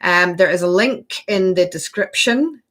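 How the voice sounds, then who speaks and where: Speaking a little slowly in a fairly low, fairly bright voice, this woman in her thirties chats with viewers on her spiritual workshop live stream. She answers their questions, ends lines with "okay" and "right," and laughs frequently between sentences.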